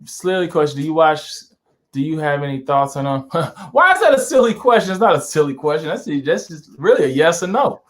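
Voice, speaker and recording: Interview guest, male, from Saint Louis, high-pitched, animated anecdote teller. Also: brisk. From Saint Louis, USA. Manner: animated, tells anecdotes with lots of fillers. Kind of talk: casual storytelling chat.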